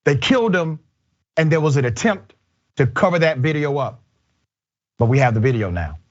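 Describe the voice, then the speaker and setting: A man's voice: mid-range voice, sing-song, moderate pace, dull audio. A man hosting a political talk show, delivering emphatic commentary. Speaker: host.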